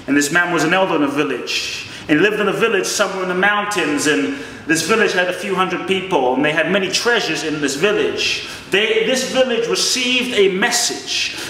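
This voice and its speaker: A man giving an impassioned motivational speech as a life coach, telling a story with feeling. His voice sits a little high and sounds bright and forceful. It rings out through a big echoey hall with a long reverb tail. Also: recorded from a distance, a little hiss or hum.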